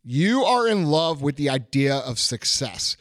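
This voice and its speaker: A man's voice: a little high, big pitch swings, measured pace, fairly bright tone, no room sound, clean studio sound. A middle-aged man hosting a podcast, delivering a blunt, profane motivational rant with heavy repetition. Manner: blunt, emphatic, swearing, repeats phrases. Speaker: podcast host.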